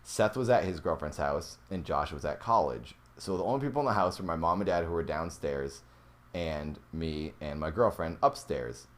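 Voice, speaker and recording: At a normal speed, a young podcast host tells a true ghost story from when he was younger in a relaxed way. His delivery is animated, rising in pitch as the tension builds.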